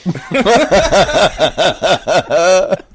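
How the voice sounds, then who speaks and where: A man's voice: high voice, sing-song, extremely slow, breathy edge. A man co-hosting a casual podcast, answering with dry, sarcastic retorts. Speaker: podcast co-host.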